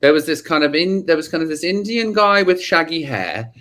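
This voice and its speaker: Man, podcast guest, casual storytelling, slightly high voice, very lively pitch, swears, acts out quotes. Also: brisk. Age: adult, has children.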